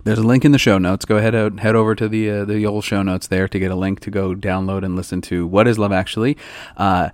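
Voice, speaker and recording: A man's voice: on the low side, level tone, fast, no room sound. Chatty dry-voiced podcast host man. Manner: chatty, emphatic, laughs often. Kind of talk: casual chat.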